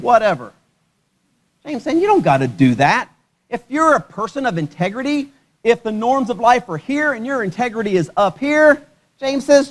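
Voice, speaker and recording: A male pastor giving a sermon at a church service, conversational and joking, often putting questions to the congregation. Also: very high voice.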